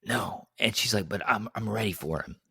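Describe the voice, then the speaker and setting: A young man in a casual podcast chat, telling a story in an animated way and acting out quotes in a higher voice. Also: moderate pace, gravelly, breathy edge, no room sound, studio quality. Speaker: podcast co-host.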